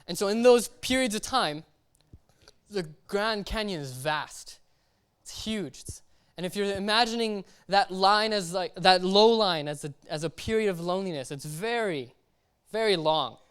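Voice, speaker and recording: A young man giving a casual sermon at a church service. He talks in a relaxed, slangy way and keeps checking in with the congregation. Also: high-pitched, measured pace, clean tone. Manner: chatty, keeps checking in with "right?" and "okay?". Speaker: lay preacher.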